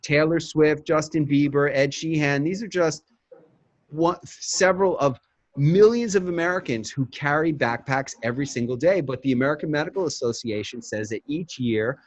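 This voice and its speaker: Man, upbeat emphatic sales pitch, demo cold call, dry lo-fi audio. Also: dry recording.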